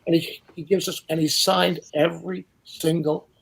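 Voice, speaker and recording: An older man telling casual anecdotes as a guest, animated and acting out the people he quotes. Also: a little high, moderate pace, creaky. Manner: animated storyteller who acts out quotes. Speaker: guest storyteller.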